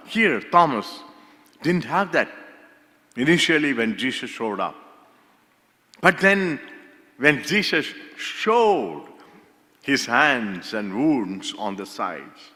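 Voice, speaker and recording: A man from India preaching a sermon as pastor, slow and emphatic, repeating key phrases for weight. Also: medium pitch, bright, forceful tone. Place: church sanctuary. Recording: long hall reverb.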